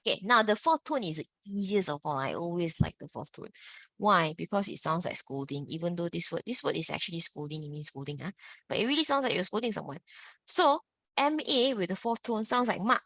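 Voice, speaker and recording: A woman's voice: lowish voice, animated, brisk, fairly bright tone, no echo. Woman teaching Mandarin tones. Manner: demonstrates tones in exaggerated swoops, repeat-after-me drills. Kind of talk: online language lesson.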